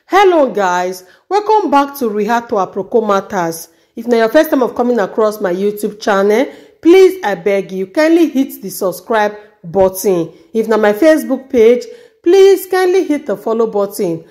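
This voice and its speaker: A woman's voice: on the high side, a little mellow. A woman host with a Nigerian Pidgin accent talks to her viewers in a chatty, preachy way. Her voice swings up and down a lot as she comments and prays aloud. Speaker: channel host. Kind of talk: casual commentary.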